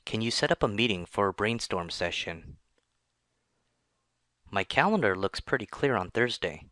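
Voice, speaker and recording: A man narrating a scripted English lesson, reading in a slow, even and careful way. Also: on the low side, no echo. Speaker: English teacher.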